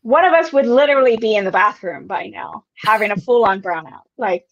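A woman's voice: medium pitch, lively intonation, brisk, muffled recording. A woman hosting a casual whiskey livestream, rambling with lots of giggles and casual swearing. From United States. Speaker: whiskey channel host.

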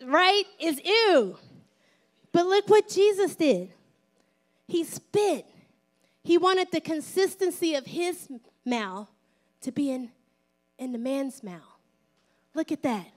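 Middle-aged woman pastor, high voice, lively playful sermon delivery, dips into whispers. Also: slow pace, pauses often. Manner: drops to a whisper at times.

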